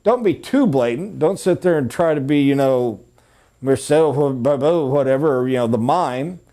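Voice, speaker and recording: A man's voice: mid-range voice, a little slow. A man teaching a sales training class, talking casually and acting out examples for his trainees. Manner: animated, acts out examples.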